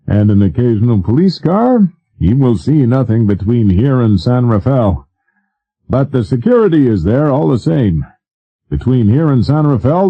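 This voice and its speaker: A man's voice: mid-range voice, no room sound, phone-quality sound, pitched above the performer's own voice. A man voicing a formal army general who speaks in an assured, official manner. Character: formal male army general, brisk and reassuring.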